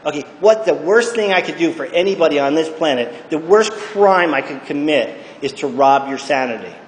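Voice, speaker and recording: In an echoey hall with long reverb, a middle-aged man gives blunt, profane personal testimony at a recovery meeting, emphatic and forever checking in with the room by asking "okay?". His voice is on the high side, with lively intonation and a moderate pace.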